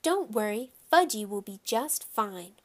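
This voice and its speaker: A bossy, whiny young schoolgirl from a storybook, her voice shrill, high and pleading, as a woman reader puts her on. She speaks slowly and insistently. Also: lively intonation.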